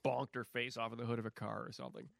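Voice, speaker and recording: A man's voice: mid-range voice, flat delivery, rapid-fire, vocal fry, fairly bright tone, dry recording, studio quality. A man co-hosting a podcast, recapping a film with profane wisecracks. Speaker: podcast co-host. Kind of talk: crude casual banter recapping a film.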